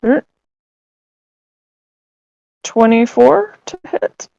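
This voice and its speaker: A woman's voice: a little high, expressive, extremely slow, creaky, warm tone, no echo, highs cut off. A woman playing in a tabletop game, talking casually with a hesitant, filler-heavy manner. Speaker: player.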